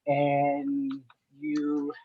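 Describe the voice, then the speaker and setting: Higher-voiced man on muffled audio. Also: completely flat delivery, slight background noise. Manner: cites figures, halting restarts. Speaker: panelist. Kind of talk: casual group chat. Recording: dull lo-fi call audio.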